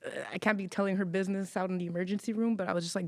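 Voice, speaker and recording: Animated woman telling workplace stories. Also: medium pitch, very fast. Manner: animated storyteller, swears freely, acts out quoted people. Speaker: podcast co-host. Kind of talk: casual chat.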